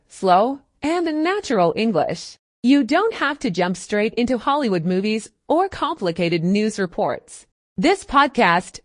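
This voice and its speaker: A woman reads a scripted English listening lesson in a high, lively voice that moves a lot in pitch. She speaks clearly and steadily, with deliberate pauses and an encouraging tone. The sound is dry and close to the mic. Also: no echo. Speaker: English teacher.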